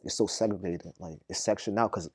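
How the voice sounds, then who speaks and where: A man's voice: low-pitched, brisk, a little mellow, breathy edge, no room sound. A young man from telling his prison story in a podcast interview, heavy on slang and "you feel me.". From Boston, Massachusetts. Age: young adult. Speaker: guest.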